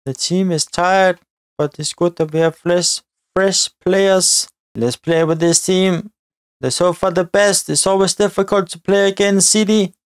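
A man giving excited live commentary on his own football video game career mode, often exclaiming at chances and shouting at the players. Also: high-pitched, unhurried, clear, resonant tone, dry recording. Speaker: gaming YouTuber.

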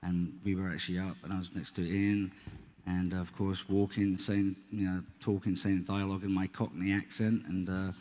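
A man in his forties, a guest actor, speaking earnestly and haltingly at a live panel. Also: deep voice, flat delivery, a little mellow. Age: 40s. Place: live event stage.

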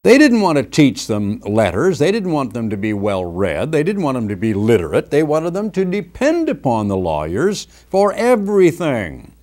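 A man's voice: medium pitch, huge pitch swings, normal speed, few pauses, darkish tone. An older man preaching a conversational sermon from his home study, reading scripture and mocking the voices of others.

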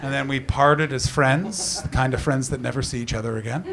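A man performing a stand-up comedy set, telling a story in an animated way, full of swearing and asides to the crowd. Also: medium pitch, fairly quick, creaky. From Canada. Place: comedy venue stage with live audience. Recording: noisy live room with audience laughter.

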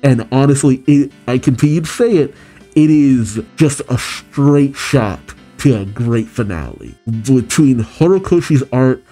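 Male reaction host, warm and low-toned, narrates manga panels and gushes openly; faint music bed. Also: unhurried. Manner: reads character lines aloud, then gushes emotionally. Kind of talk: casual manga chapter recap and reaction.

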